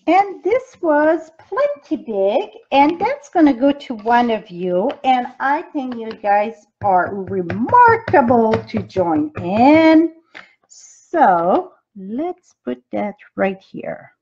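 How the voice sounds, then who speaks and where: A woman with a high voice takes her time as she hosts a live-streamed craft demo. She talks straight to her viewers, explaining each step with loose grammar and plenty of ums. The audio is dull and lo-fi, like a phone stream. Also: sing-song, slow pace, darkish tone, slightly rough. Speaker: craft demonstrator and team leader. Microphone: device mic from a live video stream.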